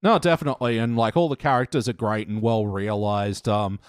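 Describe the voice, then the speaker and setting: A man's voice: fairly low pitch, steady tone, brisk, clean tone, no echo, clean studio sound. A man co-hosting a podcast in casual chat, laid-back and often swearing and laughing. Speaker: podcast co-host.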